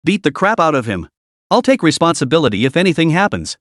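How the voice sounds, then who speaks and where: A man's voice: fairly high pitch, sing-song, quick pace, dry recording, studio quality. A man playing a sneering bully boss. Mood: furious. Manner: shouting threats, sneering. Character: arrogant bullying male company boss.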